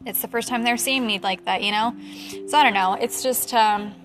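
A woman's voice: fairly high pitch, normal speed. Heated, chatty young woman over music. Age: 20s. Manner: animated, heated, laughs often. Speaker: photographer. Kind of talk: casual chat.

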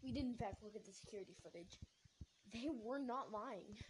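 A woman's voice: on the high side, expressive, brisk, noisy background. A young woman telling a story casually. She rambles, uses lots of fillers, corrects herself and laughs now and then.

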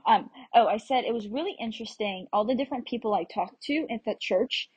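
Young American woman, travel vlogger telling a casual story, slightly husky voice, dry close sound. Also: fairly high pitch, brisk, darkish tone, no room sound, rough recording. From United States. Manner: chatty, rambling with fillers and restarts.

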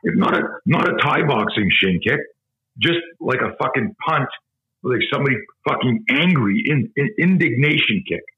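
In narrow, tinny audio, a middle-aged man who teaches self-defense tells a podcast host an intense story in an expressive, mid-range voice at normal speed. His telling is emphatic and vivid, laced with lots of swearing.

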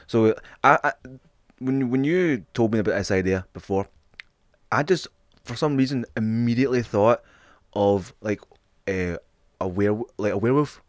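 A man with a lowish voice swears his way through loose podcast banter, laughing as he rambles. The sound is close and dry, with no room around it. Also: moderate pace, pauses often, dry recording. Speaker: podcast co-host.

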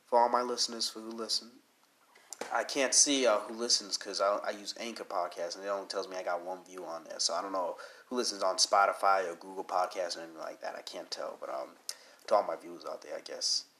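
A man with a fairly low voice hosts his solo podcast while sick with a cold, and he needs to blow his nose. He rambles casually and leans on fillers. His talk is earnest and encouraging. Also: steady tone, fairly quick, bright, forceful tone. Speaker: podcast host.

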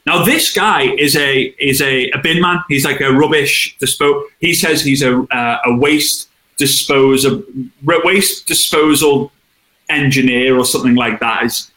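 A man, a guest in an interview, chatting casually and telling animated stories with acted-out quotes. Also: medium pitch, a little slow. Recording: roomy echo.

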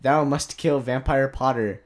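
A man voicing a cruel evil male dark wizard in mock-archaic speech, read aloud from a bad story. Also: mid-range voice, a little slow, lightly acted. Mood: mock-menacing.

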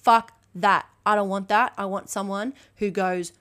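A woman's voice: medium pitch, steady tone, a little slow, hardly any pauses, a bit bright. A woman hosting a motivational podcast alone, talking emphatically and bluntly with frequent swearing and acting out quoted conversations. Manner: acts out quoted dialogue. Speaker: podcast host.

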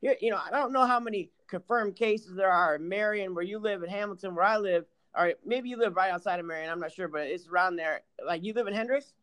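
A man's voice: high-pitched, fast, few pauses, smooth, no echo. A man co-hosting a podcast, chatting casually and telling profane stories full of asides. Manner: profane, animated storytelling with asides. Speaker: podcast co-host. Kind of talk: casual chat.

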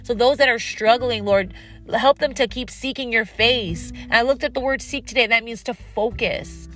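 A woman's voice: on the high side, moderate pace, fairly bright tone, faint music behind. A woman hosting a faith podcast, speaking earnestly and repeating phrases for emphasis as she talks and then prays aloud. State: tired and dry-mouthed. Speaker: podcast host. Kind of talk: devotional talk and prayer.

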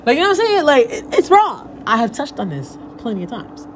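Female podcast host, solo rant at home, fairly high animated voice, crude and unfiltered, room noise behind her. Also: a little fast. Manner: candid, profane, rambling storytelling with frequent fillers. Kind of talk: casual solo podcast monologue. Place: at home by a window.

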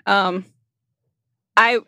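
A woman co-hosting a casual chat podcast, laid-back and quick to laugh. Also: medium pitch, steady tone, sharp tone, clean tone, no echo. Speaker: podcast co-host.

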